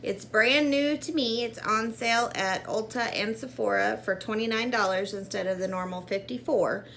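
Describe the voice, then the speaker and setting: A woman's voice: medium pitch, moderate pace, creaky, fairly bright tone, a little hiss or hum. A woman vlogging a casual makeup tutorial at home, chatting upbeat about each product as she goes. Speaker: beauty vlogger.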